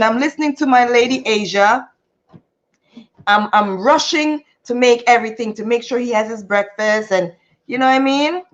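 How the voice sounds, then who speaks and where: A woman hosting a casual livestream, telling a story in an animated, chatty way and stopping to greet viewers. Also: medium pitch. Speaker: livestream host. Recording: muffled lo-fi audio.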